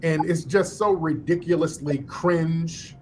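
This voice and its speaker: A man's voice: fairly high pitch, steady tone, slow pace, a little mellow, slight background noise. A man hosting an online news commentary show, speaking sarcastically and sometimes mimicking a preaching voice. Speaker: show host.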